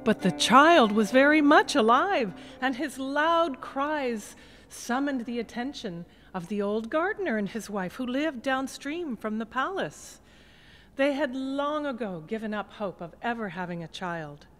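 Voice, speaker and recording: A woman storyteller narrating a folk tale in a lyrical, expressive way in a museum gallery. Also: a little high, a little slow.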